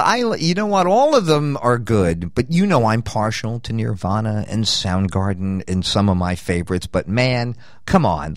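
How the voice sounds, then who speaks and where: A man's voice: lowish voice, no room sound, studio quality. Rambling jokey older male radio host. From United States. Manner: rambling, jokey, riffs on lists. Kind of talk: rambling promo read.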